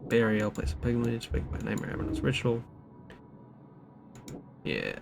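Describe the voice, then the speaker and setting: A man's voice: lowish voice, sing-song, moderate pace, gravelly, pauses often, music in the background. A young man streaming a game, joking around and reading the game's notes aloud in a rambling, casual way. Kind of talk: casual let's-play commentary. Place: home streaming setup. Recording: background noise with keyboard typing.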